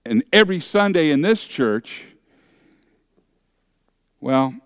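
Slow, clear-voiced preaching man. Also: on the high side, animated, dry recording, clean studio sound. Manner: dramatic, acts out objectors' voices. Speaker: pastor. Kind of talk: sermon.

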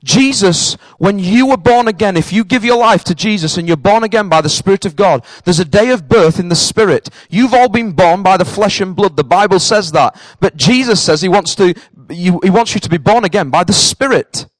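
Northern english guy giving a sermon, kinda high voice, earnest, keeps repeating himself. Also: lively intonation, normal speed, hardly any pauses, no room sound, rough recording. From northern England. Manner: earnest, repetitive, direct address to congregation. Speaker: pastor. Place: church in Cambridge.

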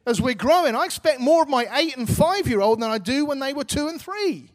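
A man's voice: very high voice, lively intonation, fairly quick. A man in his thirties preaching a sermon, earnest and exhorting, with casual, everyday phrasing.

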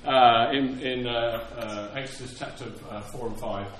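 A man's voice: mid-range voice, fairly even intonation, measured pace, fairly bright tone. A man preaching a sermon in an earnest way, often repeating words and acting out the lines he quotes. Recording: echoey room with faint ambience.

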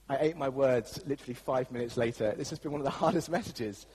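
A man's voice: mid-range voice, quick pace, few pauses, darkish tone, slightly rough, long reverb tail, poor audio. An English man preaching a sermon as the church pastor, telling a story in a chatty, anecdotal way with frequent fillers. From England.

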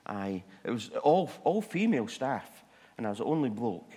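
Male preacher, animated self-mocking storyteller, reverberant hall sound. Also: mid-range voice, moderate pace, husky. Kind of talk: humorous testimony sermon.

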